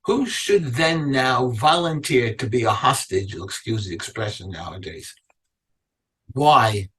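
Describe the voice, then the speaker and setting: A man's voice: medium pitch, lively intonation, a little slow, fairly bright tone, husky, far from the mic, low-quality recording. A man teaching a Torah class as a rabbi, reading verses aloud and then asking his listeners pointed questions. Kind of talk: Torah lecture to a live class.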